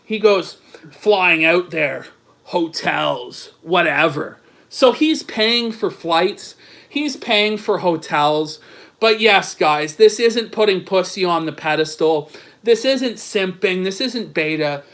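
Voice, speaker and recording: A man's voice: high-pitched, expressive, slow pace, fairly bright tone. A male online commentator with a slightly worn, strained voice, talking into a home microphone. He reads messages aloud and breaks off into sarcastic, incredulous asides full of swearing.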